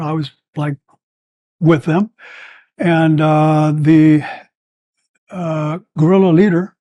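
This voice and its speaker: An older man in his seventies tells long stories as a podcast guest. He rambles with plenty of fillers but stays animated, in a voice that sits a bit high for a man. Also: dry recording. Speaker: guest, former combat medic. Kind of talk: storytelling in a podcast interview.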